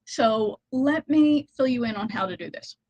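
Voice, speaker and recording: A woman's voice: a little high, lively intonation, normal speed, darkish tone, muffled recording, a little hiss or hum. A woman content strategist talking casually to camera in a house, recorded on a laptop. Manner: chatty and informal, with small self-corrections. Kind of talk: casual talking-head video. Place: house, indoors. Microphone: laptop built-in mic.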